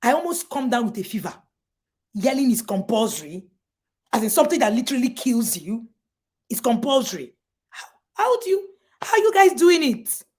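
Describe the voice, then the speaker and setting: Animated Nigerian woman coaching parents. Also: fairly high pitch, normal speed, long pauses. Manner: animated, emphatic, mock-shouting to make points. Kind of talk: motivational talk to parents.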